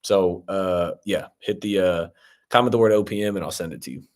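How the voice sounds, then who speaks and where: Casual coach, lowish voice, lots of ums. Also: male voice, brisk, a little mellow. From Ohio. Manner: casual, filler-heavy, upbeat with viewers. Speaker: real estate investing coach. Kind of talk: live-stream Q&A reading viewer comments.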